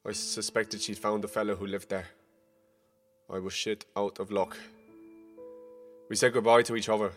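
A young man narrating a rhyming spoken-word story, casual and profane, moving between hushed and heated. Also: on the low side. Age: young adult.

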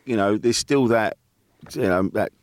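A man's voice: fairly low pitch, a little slow, slight background noise. A man hosting a podcast in casual chat, chatty and swearing freely, with many restarts. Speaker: podcast host.

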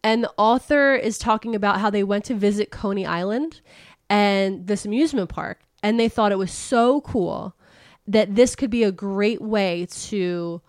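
A woman recounting a book's plot in loose, casual chat, with lots of "like" and "um". Her voice is at a middling pitch and comes across dry and close, with no room echo. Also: moderate pace. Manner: chatty, with many fillers, laughing and swearing. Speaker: podcast host. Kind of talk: casual book recap chat.

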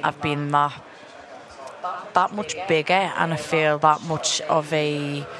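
Chatty woman amid a loud crowd. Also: sits low, fairly even intonation, slow pace. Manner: chatty, rambling, laughs often. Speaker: guest fighter. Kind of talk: casual interview chat. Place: busy launch event venue. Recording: crowd noise at a launch event.

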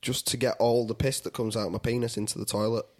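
A man's voice: medium pitch, fast. A man, co-hosting a comedy podcast and telling stories in casual chat, laughing often. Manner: laughing, animated storyteller.

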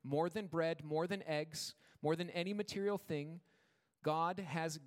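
A male pastor in his thirties preaching in a measured, earnest way, leaning on slow repeated words for emphasis. His voice sits a little high for a man. The sound carries the long reverb of a church hall. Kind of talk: sermon. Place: church sanctuary.

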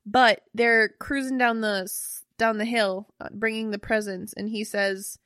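A woman's voice: medium pitch, steady tone, a little slow, hardly any pauses, a bit bright, no echo. Young woman, casual podcast chat, swears freely, dry close sound. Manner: chatty, swears casually, trails off and restarts.

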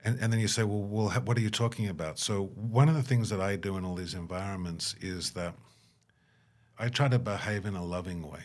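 A man's voice: a little fast, darkish tone. A man being interviewed about his humanitarian work, talking earnestly and acting out bits of dialogue. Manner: earnest, acts out quoted dialogue with rising pitch. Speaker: guest, humanitarian worker. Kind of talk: reflective interview talk.

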